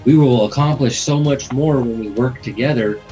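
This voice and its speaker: A man's voice: medium pitch, normal speed, music in the background, rough recording. A man hosting a call-in talk show, talking in a rambling, earnest, preachy way.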